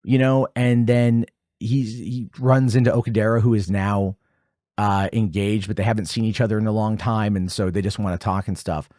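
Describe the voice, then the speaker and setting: Man, forties, low-pitched host, excitable film chat, dry close sound. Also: normal speed, dry recording. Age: 40s. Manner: animated, jumps high in pitch when excited. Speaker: podcast host. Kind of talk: casual film commentary.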